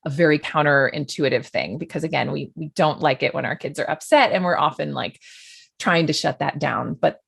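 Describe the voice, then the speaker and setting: A woman's voice: low-pitched, a little fast, vocal fry, breathy edge. A woman guest on a podcast, speaking thoughtfully with many fillers and restarts. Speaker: guest, journalist. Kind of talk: conversational podcast interview.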